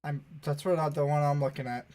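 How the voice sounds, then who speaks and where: A man co-hosting a laid-back gaming podcast, talking in an offhand, unpolished way. His voice sits a little higher than most men's, and he drops the odd swear word while he chats. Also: steady tone, brisk, background noise. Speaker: podcast co-host. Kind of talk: casual chat about esports.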